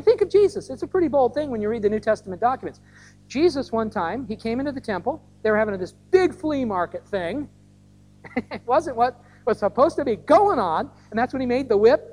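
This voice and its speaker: A woman preaching an Easter sermon outdoors in a conversational, animated way, acting out quoted voices. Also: a little high, rough recording. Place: outdoor gathering.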